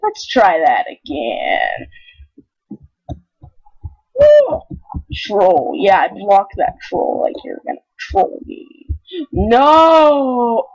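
A woman commenting on her own gameplay, excitable, yelping and crying out whenever something goes wrong. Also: mid-range voice, slow, husky. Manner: excitable, yelps and cries out at mishaps. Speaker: gaming channel host. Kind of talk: let's play commentary. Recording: dull lo-fi recording.

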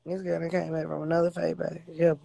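A woman's voice: sits low, level tone, fairly quick, creaky, dark tone. A woman hosting a casual livestream on her phone, blunt, profane and confrontational as she talks to viewers. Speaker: livestream host.

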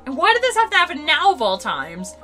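Anxious young man, fretful questions, very high lively voice, read by a woman from a game. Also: a little fast, music in the background. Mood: worried. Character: worried young man fussing over a hurt friend. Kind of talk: reading game dialogue aloud.

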